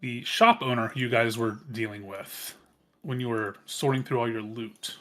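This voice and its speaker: A man running a tabletop game as game master, unhurried and pausing often between thoughts. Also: mid-range voice, fairly even intonation, a bit bright. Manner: unhurried, with many ums and pauses.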